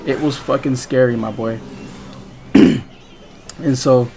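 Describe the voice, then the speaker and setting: A man's voice: mid-range voice, steady tone, slow, mellow, slightly rough. A young man telling a story casually while playing a game, rambling and swearing, full of fillers and restarts. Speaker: gaming vlogger.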